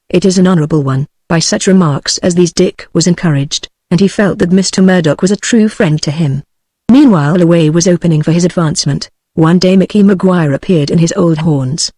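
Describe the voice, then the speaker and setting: Flat synthetic voice reading a novel. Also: mid-range voice, slightly rough, dry recording. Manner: even, unvaried text-to-speech reading of all parts. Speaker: audiobook narrator. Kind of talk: scripted narration.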